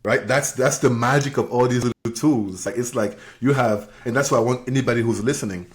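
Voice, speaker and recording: A man's voice: mid-range voice, a little fast. A man hosting an interview podcast, reflectively paraphrasing and affirming his guest. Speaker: podcast host. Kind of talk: conversational interview.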